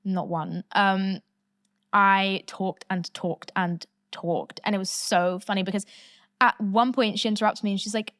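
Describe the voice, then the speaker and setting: A woman's voice: mid-range voice, fairly even intonation, a little slow, a bit bright, clean tone, dry recording, clean studio sound. A woman in her twenties hosting a podcast, talking candidly and casually, swearing freely and laughing often. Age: 20s. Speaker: podcast host.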